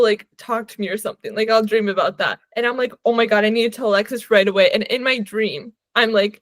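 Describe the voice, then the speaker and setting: A woman co-hosting a book podcast, telling stories in an animated, filler-heavy way and laughing often. Her voice sits slightly high. The sound is close and dry, with no room echo. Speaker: podcast co-host. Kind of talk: casual chat about books.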